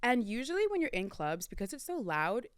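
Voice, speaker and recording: Animated young woman telling a story. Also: fairly quick, clean tone, no echo, clean studio sound. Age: early 20s. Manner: animated, dramatic swings in pitch and volume; chatty, addresses listeners as y'all. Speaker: podcast host. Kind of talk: casual storytelling.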